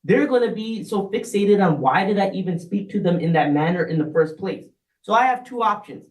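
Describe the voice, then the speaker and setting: High-voiced man giving an echoey talk. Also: animated, a little fast, recorded from a distance. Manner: conversational, often checks in with "right?". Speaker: speaker. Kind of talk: community talk on marriage.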